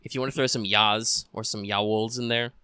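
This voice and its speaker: A man's voice: lowish voice, normal speed, clear, resonant tone, no room sound, clean studio sound. A man running a tabletop game as game master, casual and joking, with frequent fillers. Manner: relaxed and joking, with many fillers.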